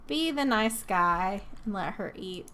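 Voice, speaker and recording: A woman's voice: medium pitch, animated, unhurried, a bit bright, slight background noise. A woman hosting her gaming channel, giving casual let's-play commentary, chatty and prone to laughing as she coaxes her game characters along.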